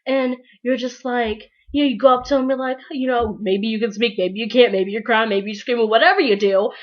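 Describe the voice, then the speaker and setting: Woman, fairly high voice, casual rambling vlog, gushing, dull lo-fi sound. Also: steady tone, brisk. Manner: rambling and gushing, acts out her own thoughts. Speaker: vlogger. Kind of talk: casual monologue to camera.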